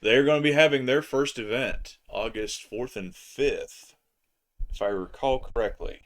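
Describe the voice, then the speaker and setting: A man co-hosting a casual live stream, excitable and playful, with loud joking bursts. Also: mid-range voice, unhurried.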